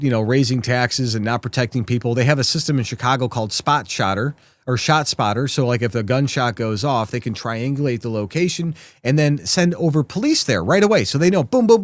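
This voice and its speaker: A man's voice: mid-range voice, no echo. A man hosting a live political commentary show, talking sarcastically and mockingly to his viewers.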